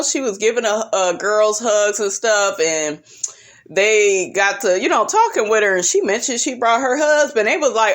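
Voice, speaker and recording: Sassy, profane woman recapping reality TV. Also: measured pace. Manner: sassy, profane, animated with big pitch jumps. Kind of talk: casual recap vlog.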